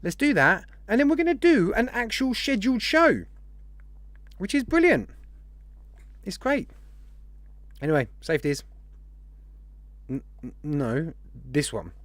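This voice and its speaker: A man's voice: sits high, sing-song, measured pace, long pauses, a bit bright, no echo. Chatty man hosting a stream. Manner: chatty, rambling, greets viewers one by one. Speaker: live stream host. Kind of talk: casual live stream chat.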